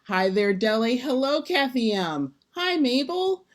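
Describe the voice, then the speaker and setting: A woman's voice: fairly high pitch, very animated, unhurried. A woman hosting an online sing-along, cheerfully greeting a long list of viewers by name. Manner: cheerful, rattling off names. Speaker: host.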